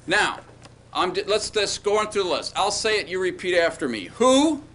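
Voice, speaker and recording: A man with a high-sitting, bright, forceful voice speaks a little fast. During his Hebrew grammar lecture, he drills students by having them repeat words after him and checks in frequently with "okay" and "all right."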